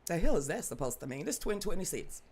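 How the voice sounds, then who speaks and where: A woman hosting a livestream news show, talking casually and reading viewer comments aloud in a loud, projecting, blunt and sassy way. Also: fairly low pitch, big pitch swings, quick pace, husky.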